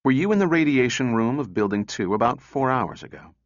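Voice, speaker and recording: A man's voice: mid-range voice, big pitch swings, fairly quick, dry recording, dull audio, pitched above the performer's own voice. A man reading a story, voicing a stern woman psychologist who asks clipped, probing questions while holding back anger.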